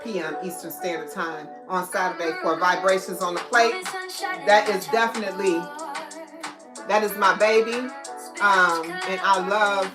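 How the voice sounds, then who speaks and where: A woman chats casually on a live stream, talking straight to her viewers and welcoming each one by name. Her voice sits at an ordinary middle pitch. The sound comes from an echoey room with faint music playing behind her. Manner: chatty, greets viewers by name. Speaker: livestream host.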